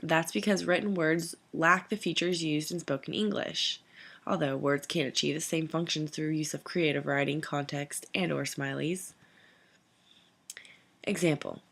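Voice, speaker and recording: A woman giving a scripted educational narration as an instructor, reading out lists of terms in a measured way. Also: deep voice, fairly even intonation, gravelly, a bit bright.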